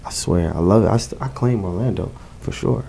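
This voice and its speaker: A man from Newark, New Jersey, with an accent to match, chats casually in a podcast interview as an event host and guest. He's emphatic and slangy, repeating phrases, his voice low-ish, brisk, creaky, and warm, with slight background noise.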